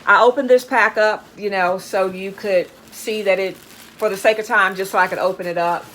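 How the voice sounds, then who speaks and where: A woman's voice: medium pitch, steady tone, moderate pace, fairly bright tone, slight background noise. A woman chatting enthusiastically as she shows off bargain finds, often calling out to her viewers. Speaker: haul vlogger. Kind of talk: casual show-and-tell chat.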